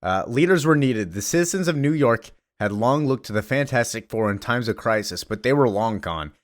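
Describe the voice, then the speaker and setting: A man's voice: mid-range voice, expressive, brisk, no room sound, studio quality. A man casually recapping a comic storyline, chatty and full of fillers and wry asides.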